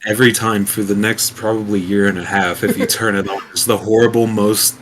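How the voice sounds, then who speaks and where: A man's voice: lowish voice, little pitch movement, fairly quick, fairly bright tone, slight background noise. A man co-hosting a casual podcast, making dry, joking asides. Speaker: podcast co-host. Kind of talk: casual chat.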